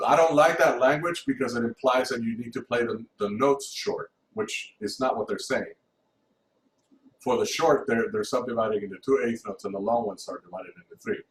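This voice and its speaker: A man teaching music theory in an informal recorded lesson, talking haltingly with many restarts and counting beats aloud. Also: medium pitch. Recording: roomy, distant mic, faint hum.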